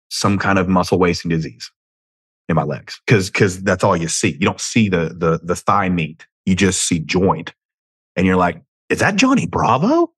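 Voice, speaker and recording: A podcast host from the United States delivers a casual solo monologue from a room at home, his deep, husky voice carrying a Southern American twang. The tone is fairly bright with no echo. He rambles, swears, pokes fun at himself, and keeps drifting off on tangents.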